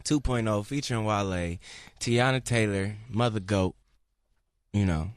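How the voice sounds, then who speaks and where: A man's voice: on the low side, unhurried, no room sound, studio quality. A man as a radio show guest, talking in laid-back, rambling slang about his week. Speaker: guest singer. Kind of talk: casual chat.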